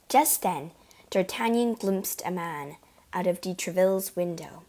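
A woman narrating a children's adventure storybook in a clear, steady reading voice. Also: lowish voice, unhurried.

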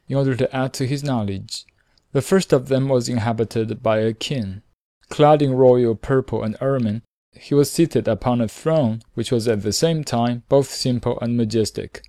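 A man calmly reading a storybook aloud in a measured way. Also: medium pitch, dry recording. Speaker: audiobook reader. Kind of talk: storybook narration.

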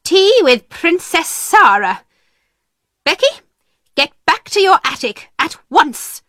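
A woman's voice: very high-pitched, sing-song, slow, a bit bright, dry recording, clean studio sound, pitched above the performer's own voice, heavily acted. A woman doing a cold, stern headmistress. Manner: cold, commanding.

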